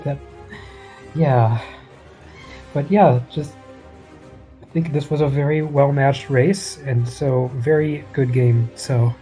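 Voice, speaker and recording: A man being interviewed after a race, relaxed and easygoing, a bit hesitant. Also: mid-range voice, slow pace, pauses often, soft background music. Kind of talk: casual post-race interview.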